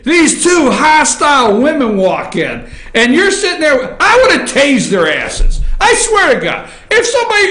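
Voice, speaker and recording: A man hosting an opinion show, ranting loudly and animatedly about local news and often breaking into laughter. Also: extremely high pitch, reverberant. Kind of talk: excitable political commentary.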